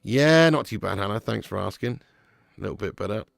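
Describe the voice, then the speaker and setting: A man's voice: lowish voice, lively intonation, a little fast, creaky, no echo, clean studio sound. A man hosting a live football watch-along, chatting with viewers by name and commentating with sarcasm.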